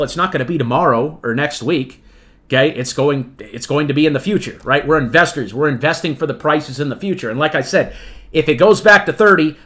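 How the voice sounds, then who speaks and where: A man's voice: on the high side, bright, forceful tone. A man hosting a trading livestream, giving emphatic market commentary. He calls his viewers "folks" and keeps checking in with "okay?" and "right?". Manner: emphatic, repetitive, peppers lines with "okay?" and "right?". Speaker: trading channel host.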